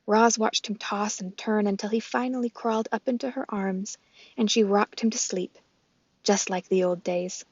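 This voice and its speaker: A woman reading a children's storybook aloud in a gentle, clear, steady way. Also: mid-range voice, moderate pace, dry recording, dull audio. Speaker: storybook reader. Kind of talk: read-aloud storybook narration.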